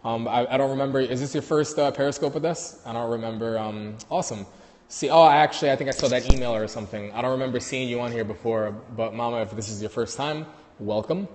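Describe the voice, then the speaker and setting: A man's voice: mid-range voice, fast talker, a little mellow, long reverb tail. A man with a New York accent, a dog trainer hosting a casual livestream on his phone, talking loosely with many fillers and restarts.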